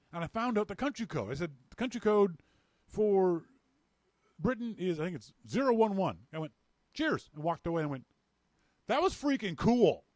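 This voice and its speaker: Lively, expressive male podcast host. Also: high-pitched, dry recording. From Canada. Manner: animated, acts out quoted dialogue. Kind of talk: casual storytelling monologue.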